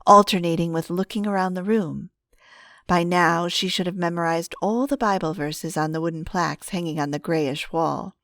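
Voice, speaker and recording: A woman narrating an audiobook in a calm, steady storytelling manner on a close mic. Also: on the low side, no echo.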